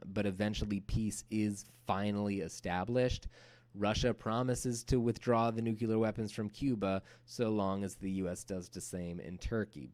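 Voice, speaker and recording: A man teaching a recorded history lecture in a casual, lively storytelling way. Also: fairly low pitch. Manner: casual, animated storytelling with playful acted-out quotes.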